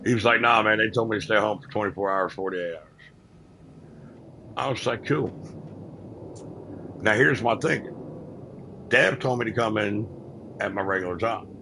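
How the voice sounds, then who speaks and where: A man's voice: fairly low pitch, normal speed, gravelly, long pauses, noisy background. Blunt, profane man telling a work story. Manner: profane, blunt, animated retelling. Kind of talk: casual storytelling.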